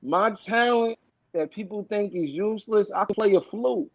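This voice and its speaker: A man's voice: high-pitched, a little slow, creaky, no room sound. A man chatting on a panel, telling a story in a loose, rambling way. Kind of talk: casual panel chat. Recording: muffled audio.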